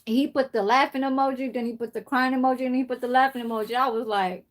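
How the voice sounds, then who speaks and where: A woman's voice: sits high, fairly even intonation, fast talker. Woman ranting casually on a live stream. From San Francisco, USA. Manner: swears freely, rambling storytelling. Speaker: livestream host. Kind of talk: casual livestream chat.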